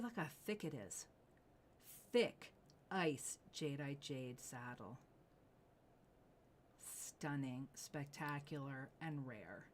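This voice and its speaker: A middle-aged woman hosting a live jewelry sales show, gushing with excitement, gasping and dropping into whispers. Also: fairly low pitch.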